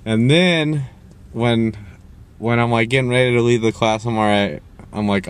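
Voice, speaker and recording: A man's voice: fairly low pitch, steady tone, moderate pace, clean tone. A young man ranting casually to camera, rambling and cursing as he jumps around in his story. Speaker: vlogger.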